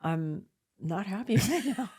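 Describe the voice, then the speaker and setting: A woman's voice: medium pitch, expressive, measured pace, darkish tone, breathy edge. A woman in her forties co-hosting a podcast, telling a story in casual chat, acting out the voices of the people in it and swearing freely. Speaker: podcast co-host.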